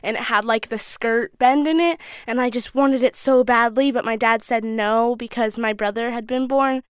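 A sixteen-year-old girl answering interview questions candidly, thoughtful and a little halting, with restarts. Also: fairly high pitch, steady tone, clear, resonant tone, dry recording, studio quality. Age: teens. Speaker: interview guest.

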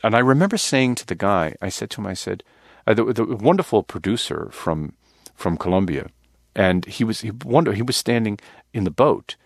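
A man's voice: lowish voice, big pitch swings, moderate pace, gravelly, dry recording, studio quality. A man, a film director, telling stories in an interview in a rambling, self-mocking way with many restarts. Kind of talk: anecdotal interview talk.

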